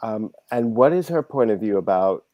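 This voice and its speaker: A man hosting an interview who asks brief, measured questions. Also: lowish voice, expressive, warm tone, no echo. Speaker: host.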